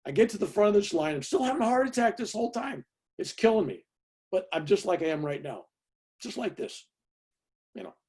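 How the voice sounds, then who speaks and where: Husky older man telling a story. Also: sits high, sing-song, a little fast, darkish tone. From California, USA. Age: 70s. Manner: chatty, keeps tagging "right?" and "you know". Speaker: guest speaker. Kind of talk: storytelling talk to an audience.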